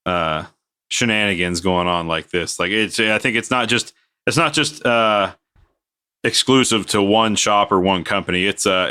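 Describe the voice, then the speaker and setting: A man's voice: sits low, pushed and bright, clean tone. A man telling a work story in casual podcast chat, acting out the people he quotes with big jumps in his voice. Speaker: podcast co-host, aviation maintenance worker.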